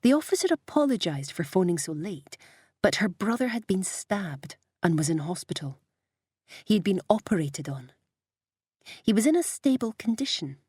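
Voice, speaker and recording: A woman narrating a novel in a measured, even storytelling voice. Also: medium pitch, breathy edge, no echo, studio quality. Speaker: audiobook narrator. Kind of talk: scripted narration.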